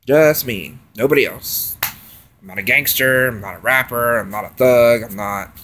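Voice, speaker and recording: A man venting in a profane, agitated late-night vlog rant that swings between loud outbursts and quiet mutters. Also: mid-range voice, normal speed, a little hiss or hum. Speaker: vlogger.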